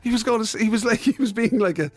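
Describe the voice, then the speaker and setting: An Irish man co-hosting a radio show, prompting stories with quick questions. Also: high-pitched, dry recording. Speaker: radio co-host. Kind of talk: casual chat.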